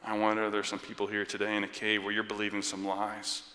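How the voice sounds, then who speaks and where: A man's voice: fairly low pitch, completely flat delivery, fast, sharp tone. A man in his thirties preaching a sermon in a conversational way, often checking in with his listeners. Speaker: pastor. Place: church sanctuary. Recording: long reverb of a church hall.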